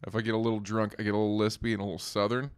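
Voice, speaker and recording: A man's voice: lowish voice, level tone, very fast, smooth, no echo, clean studio sound. A man hosting a podcast in casual chat, laughing often and swearing freely. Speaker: podcast host.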